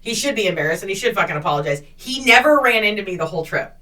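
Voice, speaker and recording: A woman with a bright, forceful voice tells a story in loose podcast chat, cursing often and jumping into the voices of the people in it. She sounds a little distant from the mic. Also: medium pitch, rapid-fire. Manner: profane, animated storytelling with acted-out quotes. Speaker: podcast co-host.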